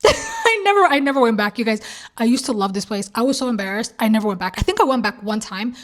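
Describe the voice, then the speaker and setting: Young woman vlogger, slightly high voice, animated storyteller who acts out quotes. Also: quick pace. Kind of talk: casual storytime.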